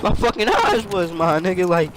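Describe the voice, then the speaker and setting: Brief: young male gamer, high-ish animated voice, slangy storytelling, game gunfire underneath. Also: normal speed. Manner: loose, slangy, laughs often. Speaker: gaming YouTuber. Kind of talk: casual storytelling over gameplay. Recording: game gunfire noise behind voice. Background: video game gunfire and clicks.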